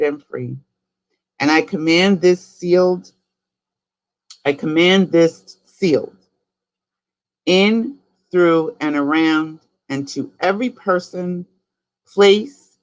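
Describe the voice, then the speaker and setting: A man from New York with a New York accent, a spiritual coach leading listeners through slow, rhythmic chanted decrees for them to repeat. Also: a little high.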